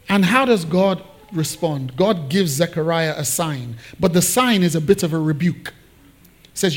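A man with a high voice preaches a sermon to his congregation. He keeps it lively and conversational, dropping into playful voices as he acts out biblical characters. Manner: animated, acts out biblical figures in quick asides. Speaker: pastor.

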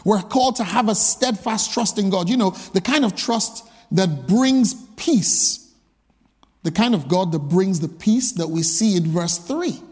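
High-voiced preacher in a reverberant hall. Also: male voice, lively intonation, unhurried, a little mellow. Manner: emphatic, rhetorical repeated questions. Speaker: pastor. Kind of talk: sermon.

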